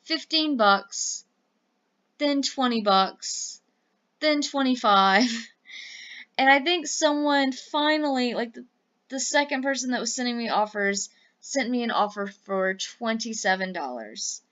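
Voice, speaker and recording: Bright-voiced chatty woman reseller vlogger. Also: fairly high pitch, a little slow, lo-fi sound. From Louisiana, US. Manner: rambling, chatty, lots of ums and likes. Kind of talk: casual chat.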